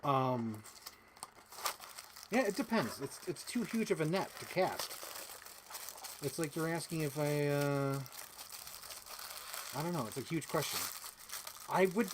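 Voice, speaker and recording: Excitable, rambling man collector. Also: a little high, a little slow, long pauses, background noise. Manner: rambling, excitable, swears freely. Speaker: toy collector vlogger. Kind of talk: casual unboxing chat.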